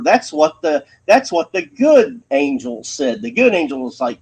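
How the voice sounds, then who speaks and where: A man's voice: fairly high pitch, very animated, a little slow, hardly any pauses, a little mellow, slightly rough, rough recording. A man telling a crude personal story in a rambling, profane way, laughing as he goes.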